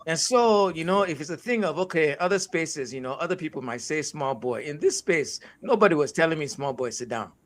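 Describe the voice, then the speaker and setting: A man's voice: on the high side, animated, fairly quick, few pauses. A man born in the United States and raised in Nigeria, telling a personal story in a casual conversation with earnest reflection and frequent restarts. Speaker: co-host.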